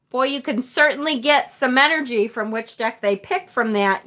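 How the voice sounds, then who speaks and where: Chatty woman doing a live tarot stream, high voice, real bright and lively, swears a bit. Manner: chatty and animated, with occasional mild swearing. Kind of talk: casual live-stream chat.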